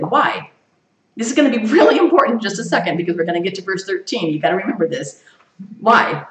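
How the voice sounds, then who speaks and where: A woman teaching a Bible study to a group, lively, quizzing her listeners and laughing often. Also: mid-range voice, fast talker, background noise. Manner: animated, asks the group questions and laughs often. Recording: echoey room, far from the mic.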